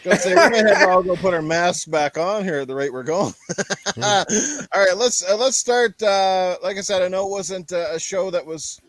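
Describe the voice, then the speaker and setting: A man's voice: high-pitched, moderate pace, a bit bright, dry recording. Laid-back man hosting a gaming panel. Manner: laid-back, rambling with fillers. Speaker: podcast host. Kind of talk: casual panel chat.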